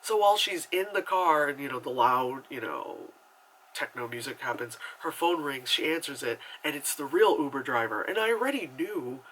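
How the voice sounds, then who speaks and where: A man's voice: mid-range voice, expressive, normal speed, a bit bright, rough recording. A man reviewing a movie in a casual, rambling chat full of asides and fillers.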